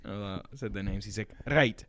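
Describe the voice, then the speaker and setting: A man's voice: fairly low pitch, completely flat delivery, rapid-fire, no echo. A young man co-hosting a podcast, telling stories casually with swearing and laughter. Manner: laughing, swearing, acts out quoted voices loudly. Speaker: podcast co-host. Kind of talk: casual storytelling chat.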